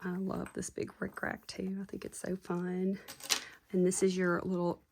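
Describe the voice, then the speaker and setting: A woman's voice: lowish voice, completely flat delivery, moderate pace, vocal fry, background noise. A woman chatting casually and gushing as she shows off handmade journals to her viewers. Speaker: craft seller showing handmade junk journals. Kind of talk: casual show-and-tell chat.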